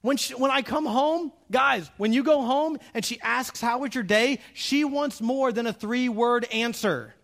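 Middle-aged male pastor, higher-pitched voice for a man, lively humorous sermon delivery. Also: unhurried, gravelly, hardly any pauses. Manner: animated, acts out quoted dialogue; humorous, direct address to the audience.

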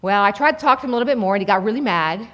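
A woman in her forties preaching a sermon in a conversational, animated way to an audience in a large hall. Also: medium pitch, very fast. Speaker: speaker at a church. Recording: long reverb of a large hall.

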